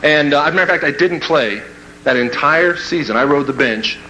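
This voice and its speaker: A man with a bright, forceful voice that sits a little high for a man tells a comic personal story to an audience. He speaks as a motivational speaker, bounces between narrating and acting out the voices in his tale, and keeps the energy up throughout. A faint hiss runs beneath him. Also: a little fast, low-quality recording. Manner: animated, acts out quoted voices and laughs at his own story.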